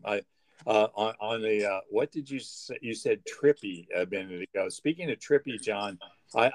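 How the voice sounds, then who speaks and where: Casting note: man, low voice, dry close-mic sound, halting, teasing co-host banter. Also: no echo. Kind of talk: casual banter.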